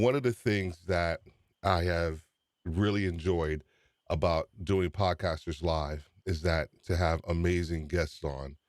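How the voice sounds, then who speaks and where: A man's voice: deep voice, dry recording, studio quality. A man hosting a live-streamed podcast show, chatty and upbeat, teasing his guest. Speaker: host.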